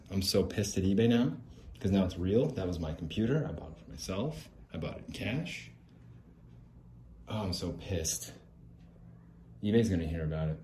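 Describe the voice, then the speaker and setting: A man's voice: low voice, warm tone, slight background noise. A man ranting in a casual, rambling monologue, agitated and swearing, with lots of fillers. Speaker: podcaster venting in a voice message.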